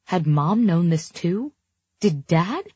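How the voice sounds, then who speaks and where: A woman's voice: fairly low pitch, animated, slow pace, warm tone, slightly rough, no room sound. A woman narrating a novel in the first person, with a wry, introspective manner, in a dry and slightly dull recording. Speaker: audiobook narrator.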